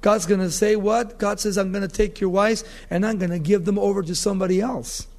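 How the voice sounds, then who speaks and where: A man preaching a sermon with emphatic delivery, slowing down to read scripture and acting out the voices of the people he quotes. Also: sits high, fairly even intonation, darkish tone. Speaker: pastor.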